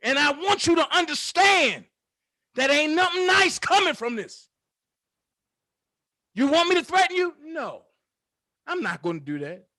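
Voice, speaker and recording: A man with a strikingly high voice hosts his own commentary stream, firing off a heated, profane call-out. He taunts and repeats his jabs for emphasis, recorded close and dry with no room sound. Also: very animated, a little slow, pauses often, pushed and bright, dry recording. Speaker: commentary channel host. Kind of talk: confrontational call-out rant.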